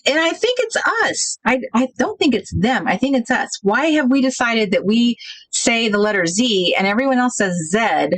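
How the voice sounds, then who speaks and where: A woman hosting a casual craft livestream, thinking out loud and chatting with viewers about their comments. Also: on the high side, expressive, normal speed, dry recording, rough recording. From United States.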